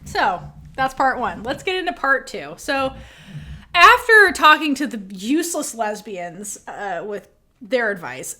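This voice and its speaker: An animated woman co-hosting a casual podcast, her voice sitting a little high and swinging widely in pitch. She keeps slipping into the characters' lines and laughs often as she goes. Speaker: podcast co-host. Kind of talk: casual recap chat.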